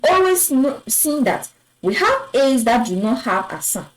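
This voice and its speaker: A woman teaching French pronunciation, patiently repeating each word and affirming with a soft "yes". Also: high-pitched, sing-song, a little slow, rough recording. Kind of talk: slow explanatory lesson.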